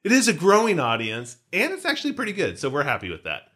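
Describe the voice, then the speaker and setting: A man co-hosts a podcast in a fast, sharp voice that's a little high and swings hugely in pitch. He chats casually and jokes, rambling from one point to the next and dropping pop-culture references.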